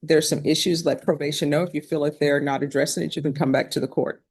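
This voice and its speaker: A woman judge running a court hearing in a brisk, direct, businesslike way. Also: low-pitched, steady tone, darkish tone, husky. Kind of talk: courtroom proceedings.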